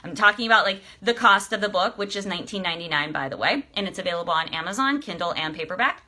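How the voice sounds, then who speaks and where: Bright, forceful excitable woman coach. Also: on the low side, fast. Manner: emotional and excitable, swears freely; emphatic, coaching questions to the audience. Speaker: life coach and author. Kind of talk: motivational live stream talk. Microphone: streaming live to viewers.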